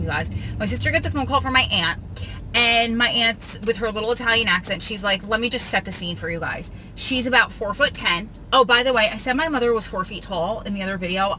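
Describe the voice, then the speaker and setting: A middle-aged woman telling a story in a casual, animated vlog, laughing as she talks, filmed on a phone mounted in her car. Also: mid-range voice. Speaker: vlogger. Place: inside a car. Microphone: phone mounted on the car vent. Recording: car noise behind the voice.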